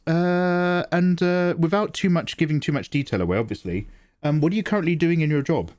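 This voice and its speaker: A middle-aged British man hosting a livestream, chatting casually with viewers and answering them with quick jokes and asides. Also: fairly high pitch, darkish tone. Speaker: livestream host. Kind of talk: casual chat with viewers while drawing.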